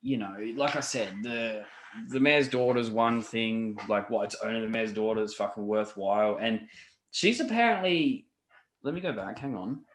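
A man's voice: on the low side, normal speed. A man co-hosting a casual podcast, rambling and swearing with lots of fillers and restarts. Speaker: podcast co-host. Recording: roomy echo.

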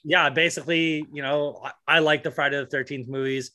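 A man's voice: fairly high pitch, fairly even intonation, a little fast, sharp tone. A man co-hosting a podcast, chatting casually about movies in a rambling way, with lots of fillers and swearing. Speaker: podcast co-host.

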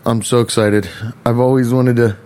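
A man's voice: medium pitch, steady tone, normal speed, darkish tone. A male comedian rambling casually in a joking, profane way while vlogging.

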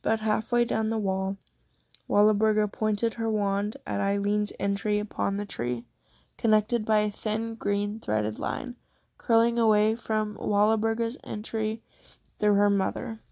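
A woman reads a fantasy story aloud at a steady, unhurried pace. Her voice is level in pitch with a gravelly edge. The recording is close and dry. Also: no room sound. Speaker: narrator. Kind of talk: reading fan fiction aloud.

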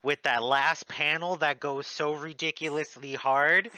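A man's voice: on the high side, fairly even intonation, measured pace, pushed and bright, no echo. A man, a returning co-host of a fan podcast, talking in an enthusiastic, casual way as he signs off.

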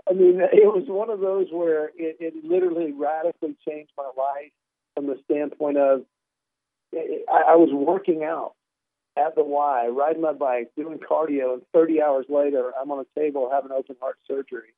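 A man, a comedian guest, telling a story in an animated, wry way and acting out the dialogue. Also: fairly high pitch, moderate pace, dry recording. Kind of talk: conversational storytelling. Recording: tinny phone line.

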